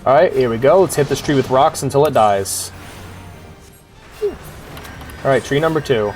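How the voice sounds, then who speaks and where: A man's voice: medium pitch, normal speed, darkish tone. A man giving casual, joking gameplay commentary as a streamer, playful and self-mocking, with the odd casual swear. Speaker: streamer playing a game. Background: faint music.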